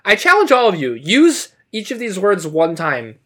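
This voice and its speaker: A man's voice: sits high, huge pitch swings, moderate pace, pushed and bright. A man co-hosting a casual podcast, reading out words and definitions with playful asides. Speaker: podcast co-host.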